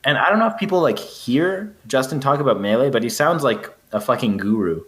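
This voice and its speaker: A man's voice: mid-range voice, expressive, a little fast, fairly bright tone. A young man co-hosting a podcast, trading jokes and profane comic asides in casual banter. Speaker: podcast co-host.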